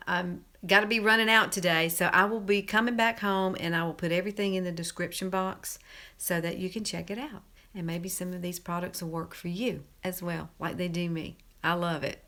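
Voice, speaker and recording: A woman's voice: fairly low pitch, fairly bright tone. A middle-aged woman from Alabama with a Southern accent, hosting a casual makeup tutorial in a chatty, folksy way and repeating herself for emphasis. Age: 50s. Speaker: beauty tutorial host.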